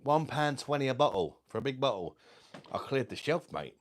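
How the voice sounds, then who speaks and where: A man's voice: mid-range voice, sing-song, moderate pace. A man hosting a casual livestream beer review, chatty and jokey as he greets viewers by name.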